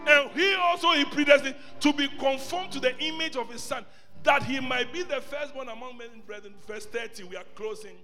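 A middle-aged man from Ghana, preaching a sermon as a bishop, emphatic and repetitive, moving between loud exclamations and quiet asides. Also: very high-pitched, brisk. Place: church service hall. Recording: long reverb of a large hall, faint music.

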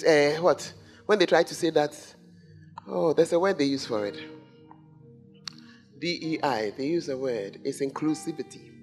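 A male pastor delivers a scolding sermon in a church. His voice sits high and swings widely up and down as he fires rhetorical questions, with soft music faintly underneath.

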